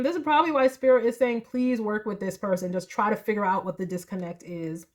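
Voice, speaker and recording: A woman's voice: a little high, a little fast, hardly any pauses. A woman, reading tarot in a chatty, emotional monologue full of likes and y'alls. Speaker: tarot reader.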